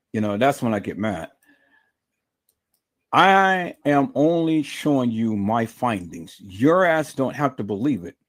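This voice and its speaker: Angry ranting man, pitch jumping around. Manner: angry, profane, repetitive, confrontational. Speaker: livestream host. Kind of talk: heated livestream rant.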